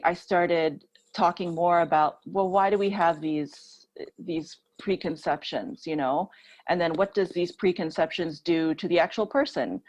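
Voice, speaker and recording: A woman's voice: deep voice, rough recording. A woman, a documentary filmmaker, speaking candidly and reflectively as an interview guest.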